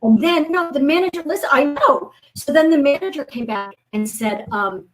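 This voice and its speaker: A woman in her fifties, a guest author, chatting casually and telling lively stories, acting out the voices of people she quotes. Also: sits high, normal speed, few pauses. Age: 50s. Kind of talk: casual chat.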